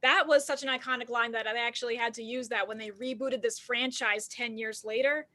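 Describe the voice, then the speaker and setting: Bright-voiced woman hosting improv online, jokey mock serious, lots of ums. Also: a little high, steady tone, a little fast. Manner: mock-earnest, chatty with fillers. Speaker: improv show host. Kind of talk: playful mock-nostalgic show narration.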